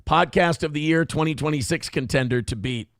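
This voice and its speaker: Male stream host, gravelly, slightly high, blunt and profane, dry close sound. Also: a little fast, fairly bright tone, no echo. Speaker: livestream show host. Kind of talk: casual livestream commentary reading chat. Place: home studio.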